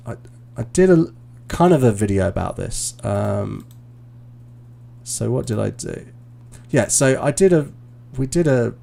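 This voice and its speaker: Gravelly-voiced man giving teaching feedback. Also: medium pitch. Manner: relaxed, encouraging, with many fillers and restarts. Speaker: IELTS teacher and examiner. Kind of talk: live-streamed feedback after a mock speaking test.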